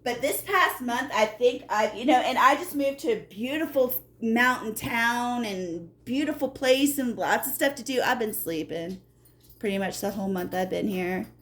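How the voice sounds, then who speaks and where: A woman giving a casual tarot reading, talking straight to the viewer in an animated, blunt way and checking in with "okay?". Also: a little high, normal speed. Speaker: tarot reader.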